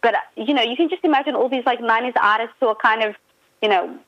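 A woman guest in a casual radio chat, telling stories with lots of fillers and excited jumps in pitch. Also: quick pace, no echo, highs cut off. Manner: animated storyteller, many fillers, pitch jumps when excited. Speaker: pop culture guest.

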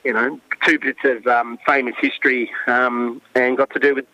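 A man's voice: mid-range voice, flat delivery, normal speed, no room sound. Chatty Australian man on a dull line. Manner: chatty, enthusiastic, many fillers. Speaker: guest winemaker. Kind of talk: casual storytelling.

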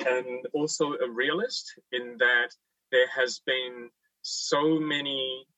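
A man's voice: medium pitch, sharp tone, no echo, far from the mic, poor audio. A man with an Australian accent hosting a radio panel discussion, chatty and upbeat, thinking aloud with plenty of fillers. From Victoria, Australia. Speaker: radio host.

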